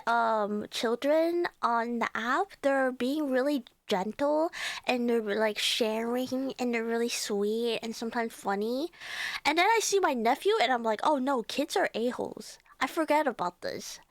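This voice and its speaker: A woman's voice: high voice, no echo. A young woman streamer chatting casually with her live viewers, laughing often and greeting chat by name.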